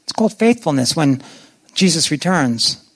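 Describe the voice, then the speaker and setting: Male preacher, high-pitched, lively sermon delivery, puts on voices for scripture. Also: moderate pace, slightly rough. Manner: animated, acts out biblical voices with swings in pitch; asks the congregation questions.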